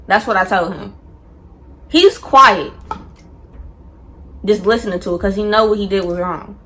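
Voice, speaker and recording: Animated young woman telling a storytime. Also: mid-range voice, measured pace, long pauses. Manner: animated, slangy, acts out quotes. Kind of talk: casual storytime.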